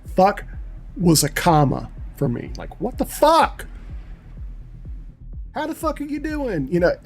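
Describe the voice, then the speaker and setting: A man's voice: fairly high pitch, darkish tone. A middle-aged man chatting casually on a livestream, telling rambling, profane stories. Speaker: livestream host. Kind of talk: casual chat.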